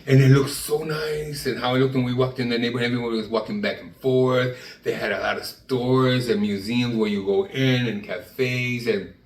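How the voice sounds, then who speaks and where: A man telling a personal story in a lively way, acting out the people in it and often trailing off and starting over. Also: medium pitch. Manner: animated, acts out the people in his story; trails off and restarts. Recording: echoey room, from a distance.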